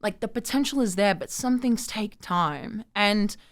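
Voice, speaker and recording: A woman, telling her story as an interview guest in an animated way, acting out quotes and using lots of fillers. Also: mid-range voice, measured pace. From Sydney, Australia. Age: 20s.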